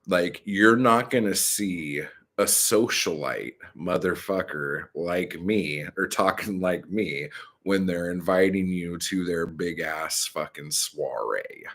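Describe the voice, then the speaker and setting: A man's voice: low voice, takes it slowly, a bit bright. A man hosting a live stream, rambling casually and profanely with many fillers.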